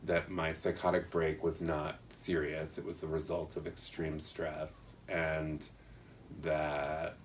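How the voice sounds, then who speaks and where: Male interviewee, very low voice, reflective and halting, faint background hiss. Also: level tone, distant mic. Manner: earnest, halting, reflective storytelling. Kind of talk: personal account in an interview.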